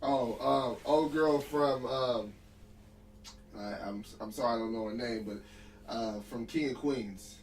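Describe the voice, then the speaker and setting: A man co-hosting a casual podcast, relaxed and slangy, often stumbling over his words. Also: medium pitch, unhurried, distant mic, rough recording. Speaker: podcast co-host. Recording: faint noise, a bit off mic.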